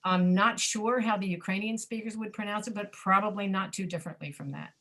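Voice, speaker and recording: A woman with an American accent leads an online pronunciation lesson. She says example words again and again, slowing down to model stressed and reduced syllables. Her manner is patient and encouraging. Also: medium pitch, steady tone, a bit bright. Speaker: pronunciation teacher. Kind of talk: online English class teaching.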